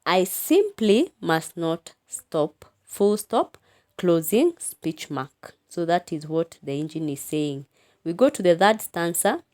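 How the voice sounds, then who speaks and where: Woman teacher, lively pitch, slow careful delivery, reads verse and calls out punctuation. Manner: slow and deliberate, dictating punctuation, expressive. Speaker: English teacher. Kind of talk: recorded lesson, reading a poem aloud.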